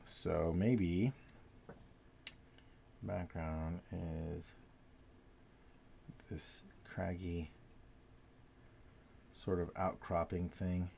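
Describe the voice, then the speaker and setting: A man's voice: low voice, fairly even intonation, extremely slow, gravelly, long pauses, dark tone, slight background noise. A man talking casually as he draws, rambling and self-correcting as he goes. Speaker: artist drawing on video. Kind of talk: casual talk while drawing.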